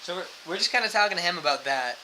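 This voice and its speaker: Bright-voiced young man telling a story. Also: high-pitched, rapid-fire, a little hiss or hum, poor audio. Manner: animated, fillers like "like" throughout, acts out quotes. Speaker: missionary. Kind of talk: casual storytelling.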